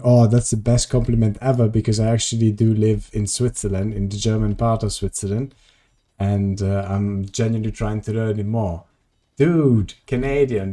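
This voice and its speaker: A tired man with a lowish, warm voice chats casually on a live stream while gaming. He rambles and responds to messages from his viewers.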